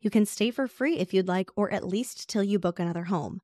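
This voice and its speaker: A calm, patient male rental host explains his position in a level, reasonable way, as a woman reads his lines. The sound is dry and close, at a mid pitch. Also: a little fast, no room sound, lightly acted.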